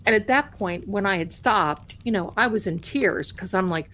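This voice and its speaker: A woman's voice: medium pitch, normal speed, a bit bright, slight background noise. A woman hosting a live stream, telling viewers a frightening personal story in a dramatic, emotional way with many restarts. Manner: dramatic, breathless retelling with restarts. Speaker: host of a live tarot channel.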